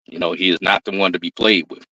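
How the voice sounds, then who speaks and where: A man hosting a battle rap recap in relaxed, casual commentary, repeating punchlines back. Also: deep voice, fast, dry recording, highs cut off.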